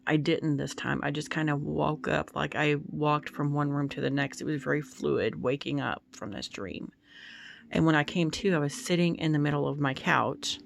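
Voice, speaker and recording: A woman vlogger recounts things in a meandering, hesitant way, with a thick layer of vocal fry running under her words. She takes her time, letting each phrase drift out slowly. It sounds like a casual talk recorded at home. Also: low voice, slight background noise. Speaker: tarot-reading YouTuber. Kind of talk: casual vlog storytelling.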